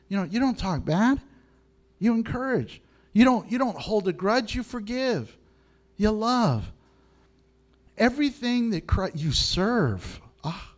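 Middle-aged male pastor, high-pitched and animated, preaching with frequent laughs. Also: normal speed. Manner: animated, laughs often, swings from low to high. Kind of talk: sermon.

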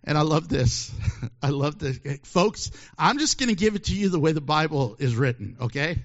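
A man preaching a sermon in a joking, animated way, acting out little voices and laughing often. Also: fairly high pitch, normal speed. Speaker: pastor. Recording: dull lo-fi sermon recording.

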